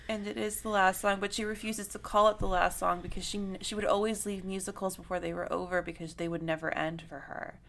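A young woman co-hosting a casual film discussion, animated and swearing, full of "like" fillers. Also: medium pitch, a little fast, vocal fry, few pauses, slight background noise. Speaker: podcast co-host.

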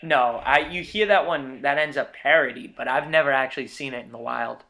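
A man from the Boston area chatting casually, making wry jokes and quick asides. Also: medium pitch, creaky, pushed and bright. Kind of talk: casual chat.

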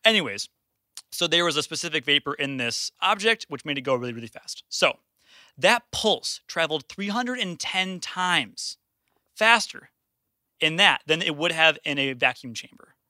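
A young man hosting a casual podcast, excitedly presenting science news, talking fast and laughing often. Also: a little high, dry recording, studio quality. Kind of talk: casual chat.

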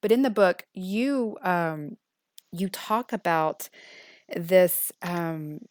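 A middle-aged woman hosting a podcast, telling a family story casually with lively quoted speech. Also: lowish voice, drawn-out words, dry recording, studio quality. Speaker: podcast host.

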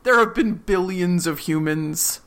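A woman's voice: fairly low pitch, unhurried. A woman co-hosting a podcast, animatedly recapping a TV episode and acting out the characters. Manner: animated, acts out quoted characters. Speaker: podcast co-host.

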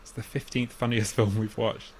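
A man's voice: little pitch movement, normal speed, slight background noise. A man co-hosting a casual chat about a comedy film, amused and often laughing. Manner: amused, acts out quoted lines in loud squeaky voices. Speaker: podcast co-host.

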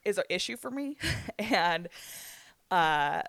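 A man's voice: high voice, animated, slow, vocal fry, sharp tone, dry recording. A man in his twenties telling a heated story in casual chat, swearing freely and laughing between lines. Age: 20s.

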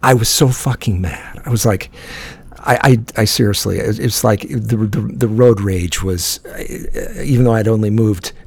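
A man's voice: lowish voice, unhurried, vocal fry, husky. A man telling a long story in casual chat, swearing often and restarting his sentences. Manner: profane, rambling, many restarts. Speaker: podcast co-host telling a story.

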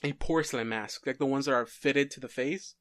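A man talks through a story idea in a loose, casual way, often pausing and restarting his sentences. His pitch sits in a middle range. The recording is dry, with no room echo. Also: a bit bright. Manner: halting, many fillers and restarts.

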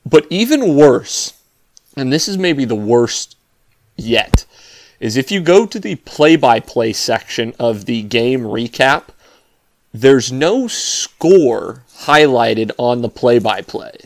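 Guy hosting a sports pod, wry upbeat intros, dead dry sound, mid pitch. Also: big pitch swings, slow, no echo. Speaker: podcast host. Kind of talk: casual sports podcast chat.

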